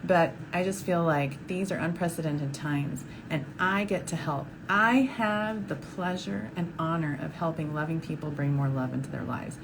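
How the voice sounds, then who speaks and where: A woman's voice: low voice, steady tone, normal speed, gravelly, hardly any pauses. A woman doctor hosting a question-and-answer show, talking casually and effusively to camera, laughing often. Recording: audible background noise.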